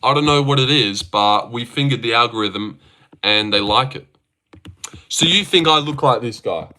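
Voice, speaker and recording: A young man with a bright, forward voice talks casually on a livestream. He reads viewers' comments out loud and answers them with easygoing, joking banter. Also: mid-range voice, moderate pace. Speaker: livestream host. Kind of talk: casual live-stream chat.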